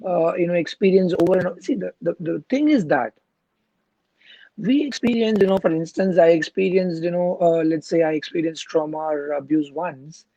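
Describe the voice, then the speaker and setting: A man's voice: on the high side, normal speed, warm tone, no room sound, dull audio. A man, a hypnotherapist being interviewed, explaining earnestly and checking in with "you know" and "right?" as he goes. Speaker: clinical hypnotherapist guest.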